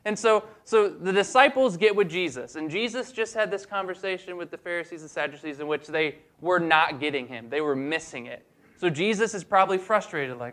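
Man preaching, casual and joking, higher voice, lively delivery. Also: moderate pace. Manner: conversational and humorous, acts out voices of the disciples. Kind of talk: sermon.

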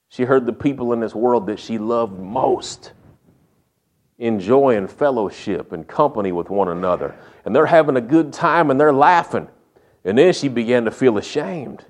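A man's voice: mid-range voice, lively intonation, moderate pace, darkish tone. Folksy male preacher. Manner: folksy storytelling with humor. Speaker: pastor. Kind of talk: sermon.

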